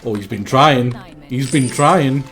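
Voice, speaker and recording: A man streaming a strategy game live, excitable, swearing casually and talking to his units. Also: mid-range voice, slow. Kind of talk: live gameplay commentary. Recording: game music behind.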